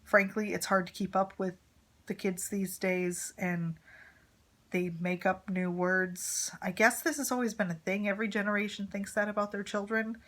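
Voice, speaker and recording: A woman's voice: medium pitch, fairly even intonation, moderate pace, fairly bright tone. Chatty woman vlogger, rambling storytime. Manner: chatty and rambling, with filler words and asides. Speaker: vlogger, mother of a teenage son. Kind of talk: casual storytime chat to camera.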